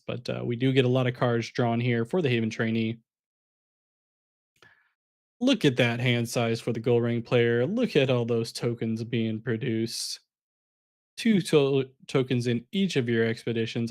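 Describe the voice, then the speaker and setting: A man's voice: mid-range voice, darkish tone. A man casting a live online card game tournament, talking casually and chatting with his viewers as he walks through the plays. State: sleepy, yawning. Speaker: caster.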